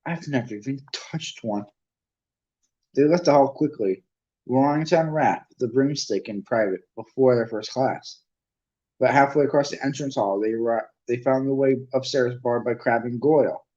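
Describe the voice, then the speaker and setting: A man's voice: medium pitch, normal speed, dark tone, lo-fi sound. Man reading aloud with frequent slips. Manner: stumbles and corrects himself often. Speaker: amateur audiobook reader.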